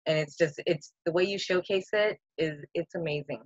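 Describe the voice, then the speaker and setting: A woman's voice: sits low, normal speed, no echo, lo-fi sound. A woman on a casual group video call, effusive and swearing freely. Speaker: wrestling school staff.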